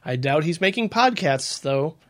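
A man's voice: on the high side, very animated, moderate pace, a bit bright. Man co-hosting a casual podcast. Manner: reads a listener letter aloud with laughing asides. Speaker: podcast co-host. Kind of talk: casual chat.

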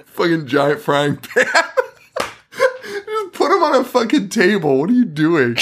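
A man's voice: high voice, a little slow, slightly rough. A man co-hosting a casual podcast, his voice rising and falling in wide swings. He rambles through scene recaps, laughing often and cursing freely. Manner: animated, laughing, profane storytelling. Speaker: podcast co-host. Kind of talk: casual film podcast chat.

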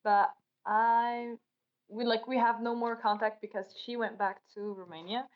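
Brief: twenties woman host, high-ish voice, giggly and teasing, dull muffled recording. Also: fairly even intonation, moderate pace. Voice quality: giggly, playfully asks for repeats. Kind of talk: casual chat. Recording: dull lo-fi sound.

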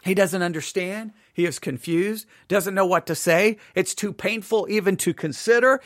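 A man's voice: high voice, moderate pace, few pauses, no room sound, clean studio sound. A man leading a devotional Bible study who reads scripture aloud and then explains it in a conversational way, sometimes acting out the voices of the people in the passage. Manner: acts out voices of the proud and the doubter. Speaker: Bible teacher.

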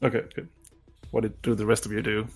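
Man, game master, casual, stumbling, gravelly. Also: fairly low pitch, completely flat delivery, fast talker, soft background music. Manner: casual, stumbling, laughs often. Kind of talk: narrating a tabletop game.

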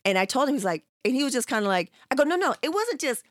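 Animated woman telling a story. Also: high-pitched, fast talker, no echo, clean studio sound. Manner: animated, profane, acts out quotes. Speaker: storyteller in casual chat. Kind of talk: casual chat.

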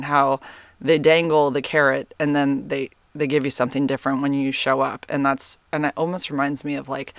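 A woman's voice: low-pitched, a bit bright, clear, resonant tone, no room sound. A woman vlogging in a rambling, chatty way, full of fillers. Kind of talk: casual chat.

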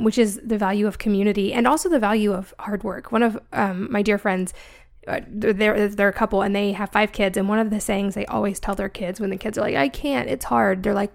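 A woman podcast host speaks in an earnest, thoughtful way, with the odd filler. Her mid-pitched voice has a strong gravelly fry. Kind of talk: conversational interview.

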